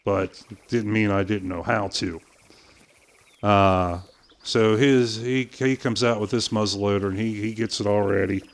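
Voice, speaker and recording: Low-voiced older man telling a story. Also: a little slow. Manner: animated anecdote-telling with impressions and swearing. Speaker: gaming streamer. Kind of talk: casual storytelling while playing.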